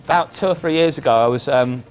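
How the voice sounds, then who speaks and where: A man, a musician guest in a casual chat, telling animated stories with frequent restarts. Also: medium pitch, fast talker, a little hiss or hum. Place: indoor chat.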